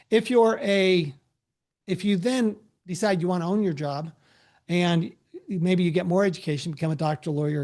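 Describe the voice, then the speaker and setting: Middle-aged man, tax advisor, storytelling seminar, video call mic, easygoing restarts. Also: fairly high pitch. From United States. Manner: storytelling, relaxed, frequent restarts. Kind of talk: conversational presentation with anecdotes.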